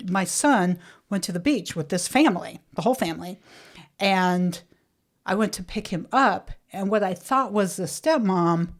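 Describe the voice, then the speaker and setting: A middle-aged woman co-hosting a podcast, animated and laughing as she tells a story and acts out the voices. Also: mid-range voice, moderate pace. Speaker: podcast co-host. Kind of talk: casual chat.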